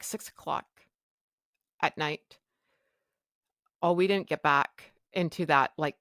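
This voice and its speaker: A woman's voice: low voice, a bit bright, dry recording, studio quality. A woman podcast host candidly telling a personal story in a blunt, self-mocking way.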